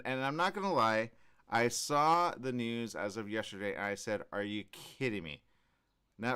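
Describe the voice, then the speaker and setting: Animated male radio morning host. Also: fairly low pitch, clear, resonant tone. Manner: animated, rambling with fillers and restarts. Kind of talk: casual on-air chat.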